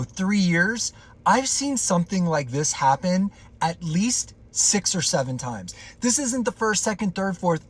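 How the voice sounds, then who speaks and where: A man casually recounting a personal story in a chatty, loose way, with plenty of filler words. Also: sits high.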